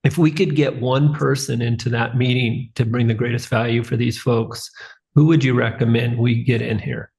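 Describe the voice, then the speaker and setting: A man's voice: medium pitch, steady tone, moderate pace, creaky, a little mellow, low-quality recording. A man talking casually in a meeting, friendly and direct as he asks for help. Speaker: meeting participant. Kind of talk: casual meeting talk on a video call.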